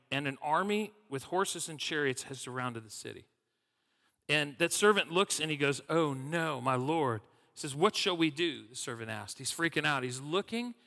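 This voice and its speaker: A man's voice: on the high side, creaky, pushed and bright, long reverb tail. A man preaching a casual sermon as a guest speaker, chatty with many fillers and restarts. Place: church sanctuary.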